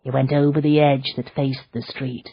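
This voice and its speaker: A woman narrating an audiobook in a measured, dramatic storytelling style. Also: a bass voice, little pitch movement, slightly rough, no echo, highs cut off. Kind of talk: scripted narration.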